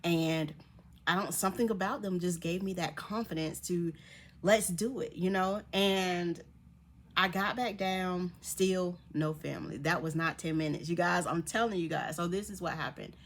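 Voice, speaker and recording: Young adult woman, lowish register, casual storytelling vlogger; animated, laughs a lot, acts out other people's lines. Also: normal speed. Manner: animated, laughs often, voices others in quotes.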